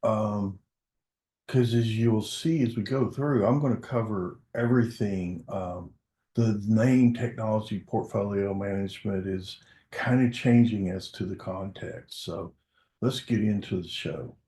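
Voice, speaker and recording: A man with a low, mellow voice runs a corporate webinar. He talks in a relaxed, conversational way and leans on frequent "um"s. The sound is roomy, with a noticeable echo around him. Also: a little slow. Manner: casual and conversational, many "um" fillers. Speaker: webinar presenter, product success manager.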